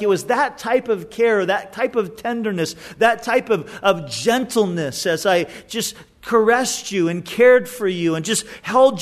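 High-voiced preacher, conversational sermon. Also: male voice. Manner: conversational, stumbling repetitions. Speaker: pastor.

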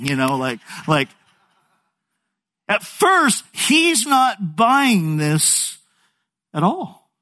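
A man preaching a sermon, telling the story in a lively way and acting out the characters' dialogue, with frequent stammered restarts. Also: on the high side, drawn-out words, long pauses. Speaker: pastor.

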